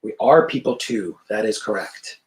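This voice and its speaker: A man's voice: mid-range voice, lively intonation, a little fast, a little mellow, natural voice. A man reading aloud from his novel, voicing a formal, reserved wealthy man with dry, clipped lines.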